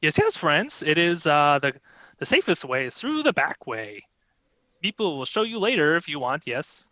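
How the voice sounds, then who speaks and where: A man's voice: fairly high pitch, big pitch swings, normal speed, bright, forceful tone, dry recording, rough recording. A man voicing a timid, eager little male kobold servant who talks in broken grammar and calls himself by name, over a video call.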